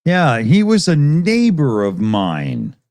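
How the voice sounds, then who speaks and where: A man's voice: on the high side, slow, dry recording. Laughing, swearing man on a stream. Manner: swears and laughs often, lively. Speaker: co-host of a live stream. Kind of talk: casual chat.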